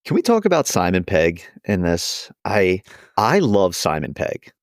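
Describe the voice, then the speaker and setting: A man with a deep voice earnestly steers a casual podcast conversation. His voice sounds dry and close to the mic. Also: wildly swooping pitch, measured pace, no echo. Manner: earnest, leads the discussion. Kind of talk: casual chat.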